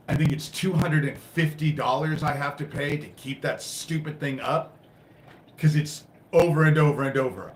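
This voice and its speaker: A man hosting a live stream, ranting in a frustrated, profane way that swings between loud outbursts and low muttering. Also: roomy sound, a little hiss or hum. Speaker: livestream host.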